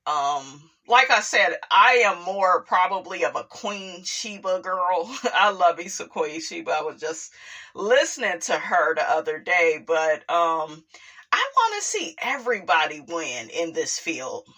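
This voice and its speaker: A woman's voice: fairly low pitch, sing-song, unhurried, sharp tone. A woman hosting a casual gossip commentary show. She is chatty and leans on fillers like "you know" and "like I said" while she reads news items aloud and weighs in on them. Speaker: commentary channel host.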